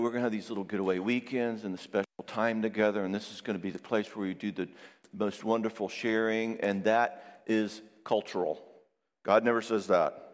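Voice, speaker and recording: A man giving a Christian marriage seminar. He talks in a conversational way, tags his points with "all right?" and tells lively personal stories. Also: lowish voice. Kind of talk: live seminar talk to an audience. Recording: long reverb in a large hall.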